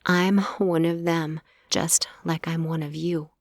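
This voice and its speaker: A woman's voice: deep voice, little pitch movement, slow, no echo, full character voice. A woman voicing a defiant young vampire slayer who speaks sharply.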